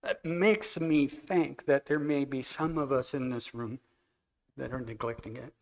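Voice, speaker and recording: A man preaching a relaxed, anecdotal sermon to a church congregation, telling stories and talking with people in the room. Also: medium pitch, a little slow. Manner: conversational, anecdotal, walks among the congregation. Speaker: guest preacher. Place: church hall.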